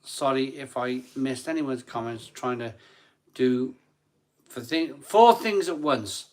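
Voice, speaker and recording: A man hosting a casual live stream from home, chatting excitably and counting likes aloud. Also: medium pitch, takes it slowly.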